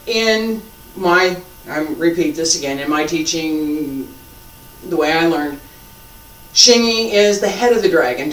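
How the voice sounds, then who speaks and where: A martial arts teacher giving a live lesson and demonstrating moves, patient and repetitive, joking at his own expense. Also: medium pitch. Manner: slow, patient, repeats key points, self-deprecating humor. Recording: echoey room, mic far off.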